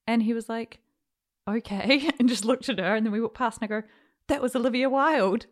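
A woman, co-hosting a casual chat and telling stories with animated energy and laughter. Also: fairly high pitch, brisk. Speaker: podcast co-host.

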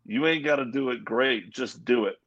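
A man with a gravelly, husky voice tells his life story as a guest in a conversation. He is earnest and slips into the voices of the people he quotes. The sound is slightly dull and lo-fi. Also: medium pitch, moderate pace, fairly bright tone. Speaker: interview guest. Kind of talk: personal testimony in conversation. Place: live event at a Christian coffee house.

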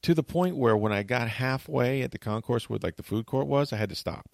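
Gravelly guy on a talk show telling a long story, dry close sound. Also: medium pitch, a little fast, no echo. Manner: tells long stories, acts out quotes. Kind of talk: animated storytelling chat.

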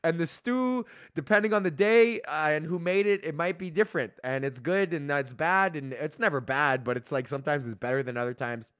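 A man hosting a podcast, telling a profane, animated story in a casual rant, often laughing. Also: fairly high pitch, brisk, few pauses, clear, resonant tone, no room sound, studio quality. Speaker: podcast host. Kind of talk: casual ranting monologue.

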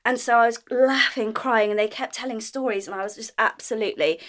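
A woman's voice: a little high, fairly quick. Laughing woman telling stories. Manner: animated storytelling, laughs often, acts out her own lines. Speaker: podcast co-host. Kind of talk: casual chat.

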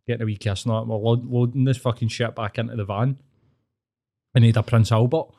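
A man's voice: medium pitch, steady tone, quick pace, creaky, dark tone. Middle-aged man, Scottish accent, podcast host, casual chat, swears a lot, laughs through stories. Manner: swears freely, storytelling, laughs often.

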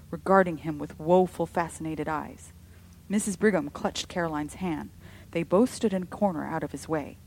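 A woman narrating a story with an expressive, dramatic delivery. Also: lowish voice, a little hiss or hum, poor audio. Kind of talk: storybook reading.

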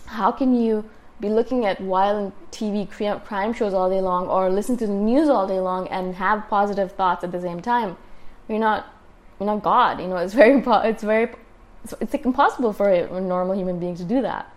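A woman's voice: mid-range voice, moderate pace. A woman hosting her own podcast, talking casually and rambling with lots of fillers and restarts. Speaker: podcast host. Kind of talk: casual solo talk. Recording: solo podcast.

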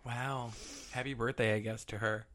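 A man's voice: medium pitch, flat delivery, moderate pace, fairly bright tone. A man co-hosting a podcast, chatting casually and teasing his co-host dryly. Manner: dry teasing. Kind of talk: casual chat.

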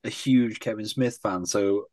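A man's voice: on the low side, measured pace, darkish tone, no echo, clean studio sound. A man hosting a podcast, making matter-of-fact, wry remarks in casual chat. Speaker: podcast host.

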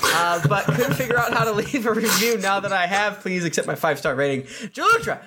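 A man's voice: sits high, big pitch swings, fairly quick, a loud crowd. A man co-hosting a podcast, reading listener reviews aloud with playful, jokey asides.

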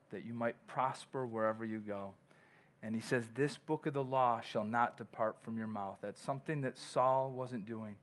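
A male pastor preaching a sermon in a conversational way, with frequent restarts and long scripture readings. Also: medium pitch. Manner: reads scripture aloud.

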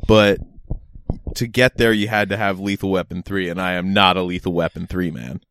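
A man with a fairly low voice talks loosely in a podcast chat, stumbling over restarts and dropping curses. The sound is dry and close, with no room around it. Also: fairly even intonation, moderate pace, vocal fry, a bit bright, smooth, no echo. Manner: rambling, profane, many restarts. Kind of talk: casual chat.

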